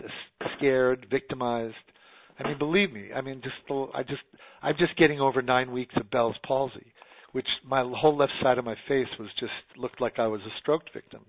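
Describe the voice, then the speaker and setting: A man's voice: mid-range voice, no room sound. Earnest man on a tinny line. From New York. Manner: earnest, rambling, many restarts. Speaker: guest. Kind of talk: casual conversation.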